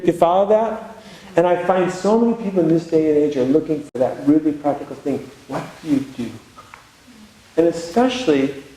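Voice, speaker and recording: A man's voice: medium pitch, mellow. A man, a monk, giving a spiritual retreat talk in a conversational, reflective way with humorous asides. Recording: very echoey room with faint background noise.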